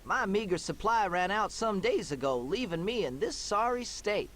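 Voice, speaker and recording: A sickly, weary pioneer. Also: male voice, sits high, animated, moderate pace, fairly bright tone. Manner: tired, folksy. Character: ailing male pioneer, weary and uncomplaining.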